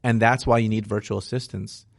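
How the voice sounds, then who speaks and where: Brief: man, lowish voice, dry close sound, frank investor guest explaining deals in a casual interview. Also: steady tone, fairly quick, creaky, dry recording. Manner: frank, explanatory, peppered with "right?". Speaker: real estate investor guest.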